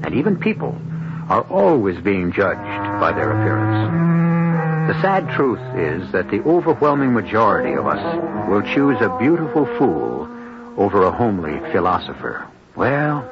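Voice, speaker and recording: A man narrating as host of a radio mystery drama, measured and wry. His voice sits low with lively, varied inflection. The lo-fi broadcast sound is dull, with music under it. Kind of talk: scripted narration.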